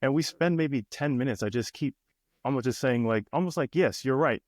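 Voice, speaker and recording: Telling a family story on his podcast, a personal coach in his thirties talks a little fast in a mid-range, darkish voice. He restarts frequently and performs the quoted voices, all in dry, studio-quality audio.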